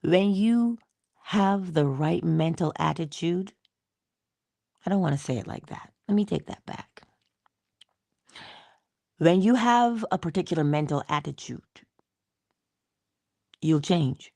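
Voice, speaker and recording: A middle-aged woman delivers a motivational morning talk in a low, gravelly voice. She speaks slowly and deliberately, posing rhetorical questions and answering them herself. The sound is close and dry. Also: animated, dark tone, no echo. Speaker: inspirational speaker.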